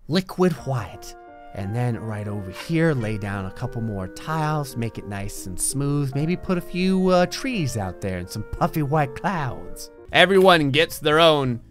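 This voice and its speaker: A man doing an impression of a calm, soft-spoken TV painting instructor, talking in a hushed, soothing way. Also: mid-range voice, measured pace, soft background music.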